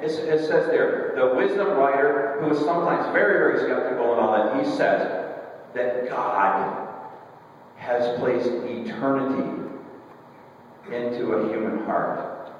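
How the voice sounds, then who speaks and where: A male pastor giving an informal, conversational sermon. He talks in a halting way and often restarts his sentences. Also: medium pitch. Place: large reverberant church sanctuary. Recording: echoey hall from far off, dull lo-fi, faint hiss.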